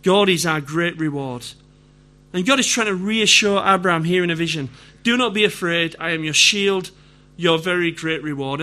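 A man's voice: high-pitched, bright, forceful tone. A middle-aged man with a Yorkshire accent preaching a sermon in a conversational way, putting questions to the congregation. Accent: Yorkshire English. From Yorkshire, England.

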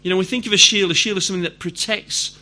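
A man's voice: high-pitched, fairly even intonation, fast, sharp tone. A middle-aged man with a Yorkshire accent preaching a sermon in a conversational way, putting questions to the congregation. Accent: Yorkshire English. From Yorkshire, England.

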